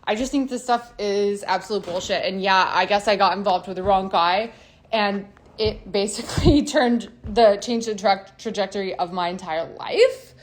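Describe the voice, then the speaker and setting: This is a confessional monologue from a woman musician describing her own experiences, peppered with profanity. Her mid-range voice moves at normal speed, alternating between angry, loud stretches and softer ones.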